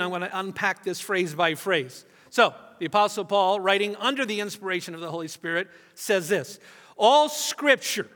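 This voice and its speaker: A middle-aged man preaching a sermon as pastor, emphatic, stretching key phrases slowly. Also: high-pitched, fairly bright tone. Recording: long reverb of a large hall.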